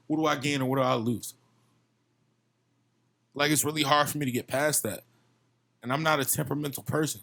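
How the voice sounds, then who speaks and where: A young man with a Virginia accent talks on a podcast with heated passion. He swears freely and circles back over his own words. His voice sits at a middle pitch. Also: vocal fry, a bit bright. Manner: passionate, heavy swearing, repeats himself. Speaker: podcast guest, musician. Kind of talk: casual chat.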